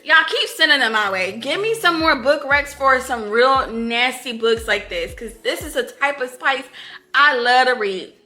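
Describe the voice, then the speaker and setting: Bright-voiced giggly young woman vlogger. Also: sits high, animated, measured pace, soft background music. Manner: chatty and giggly, addresses viewers as y'all and honey. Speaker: book reviewer. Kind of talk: casual book review vlog.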